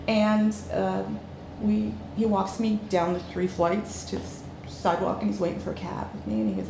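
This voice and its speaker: A woman's voice: medium pitch, gravelly. Frank, laughing woman telling a story. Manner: frank, animated, quick to laugh. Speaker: guest. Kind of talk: casual storytelling. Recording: echoey room, faint noise.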